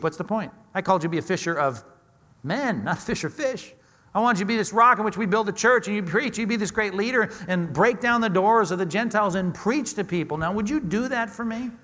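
A man's voice: a little high, expressive, quick pace, a bit bright, in a large hall. A man preaching a sermon in an easy, conversational way, acting out quoted voices with plain humor. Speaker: pastor.

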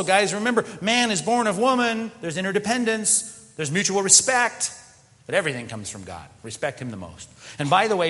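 A man preaching a sermon as pastor, animated, often slipping into mock quoted voices. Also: sits high. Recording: long hall reverb.

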